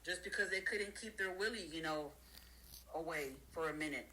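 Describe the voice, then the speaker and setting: A woman's voice: fairly low pitch, moderate pace, pushed and bright, a little hiss or hum, rough recording. A woman giving motivational advice in a folksy, streetwise way, often acting out the people she talks about. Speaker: guest speaker. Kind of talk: motivational talk on a live stream.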